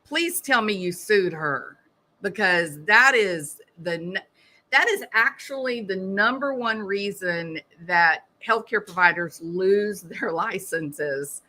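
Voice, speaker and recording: Casting: middle-aged woman, bright voice, wry and chatty live-stream host. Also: on the low side, lively intonation, slow pace. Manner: wry, chatty, laughs at her own jokes. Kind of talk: casual live-stream chat reading comments.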